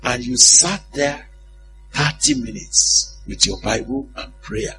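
A man preaching a sermon in an animated, humorous way, often asking the congregation if they follow him. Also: mid-range voice, slow, vocal fry, faint music behind, poor audio.

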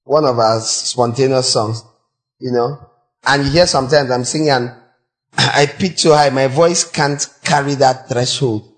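A male pastor preaching a sermon, urging and questioning his listeners directly, with a voice that cracks when he reaches high notes. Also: fairly even intonation, unhurried. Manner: exhorting, breaks into high sung demonstrations.

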